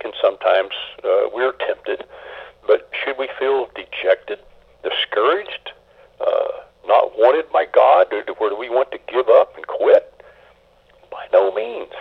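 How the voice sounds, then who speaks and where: Gravelly man preaching over a phone line. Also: mid-range voice, very animated. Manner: halting, with many restarts and fillers. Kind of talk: sermon. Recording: tinny phone-line sound.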